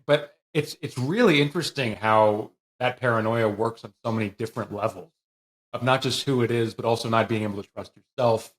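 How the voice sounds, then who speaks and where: Reflective man in casual chat. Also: mid-range voice. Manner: reflective, searching for words. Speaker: podcast guest. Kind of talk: casual film discussion.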